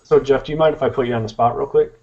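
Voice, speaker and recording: A man's voice: mid-range voice, steady tone, very fast, warm tone. Man asking questions, dull lo-fi sound. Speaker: podcast host. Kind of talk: casual interview.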